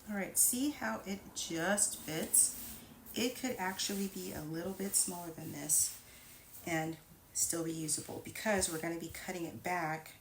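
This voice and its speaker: A woman's voice: fairly low pitch, unhurried, creaky, a little hiss or hum, rough recording. A woman giving a patient, step-by-step sewing tutorial as a voice-over, with small asides as she works. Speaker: quilting instructor.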